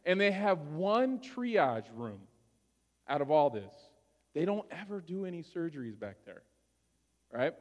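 High-voiced guy preaching, casual storytelling, keeps checking in with the room, echoey church hall. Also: big pitch swings, a little slow, long pauses. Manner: conversational, often checks in with listeners. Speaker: pastor. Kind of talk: storytelling sermon.

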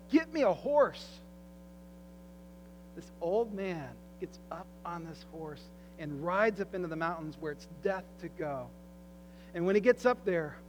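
A man preaching a sermon, telling a story with dramatic voiced quotes that swing from loud to soft. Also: high-pitched. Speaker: pastor. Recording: faint mains hum, long hall reverb.

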